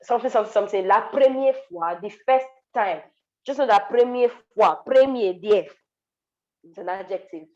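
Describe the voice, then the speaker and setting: A woman teaching a French class online, explaining patiently, repeating words and pausing with ums. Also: mid-range voice, mellow, muffled recording. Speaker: French tutor.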